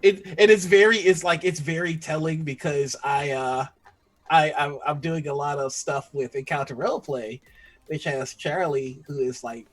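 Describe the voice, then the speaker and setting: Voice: mid-range voice, normal speed. A co-host in a casual livestream chat, joking and laughing, poking fun at themselves. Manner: joking, laughing, self-mocking.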